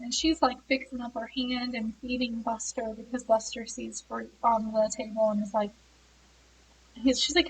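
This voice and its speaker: High-pitched lady chatting through a book plot, slow, laughy, faint hiss behind. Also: fairly even intonation, distant mic, low-quality recording. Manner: chatty, laughs often, many fillers. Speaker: book reviewer. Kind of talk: casual plot retelling.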